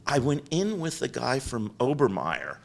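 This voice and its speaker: Older male guest, chatty storyteller, mid-pitched, animated and rambling, podcast interview. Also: unhurried, gravelly. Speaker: guest business founder. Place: podcast studio.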